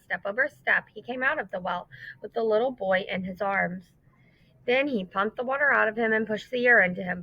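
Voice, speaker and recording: A woman teacher who reads a story aloud to children and then explains it, in an expressive, emphatic way. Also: mid-range voice. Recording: dull lo-fi dry recording.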